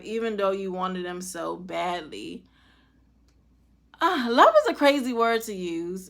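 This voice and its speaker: A young woman vlogger speaking, answering viewer questions in casual, candid, profane chat that drops soft and quiet at tender moments. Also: medium pitch.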